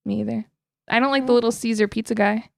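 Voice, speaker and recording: A woman's voice: a little high, steady tone, fast talker, gravelly, dry recording, studio quality. A woman co-hosting a podcast in casual chat, blunt and dismissive, laughing often. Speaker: podcast co-host.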